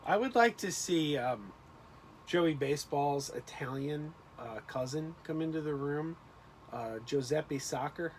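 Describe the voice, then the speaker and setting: A man's voice: a little high, a little slow, a little hiss or hum. A man co-hosting a casual livestream, joking and teasing his friend. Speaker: co-host guest.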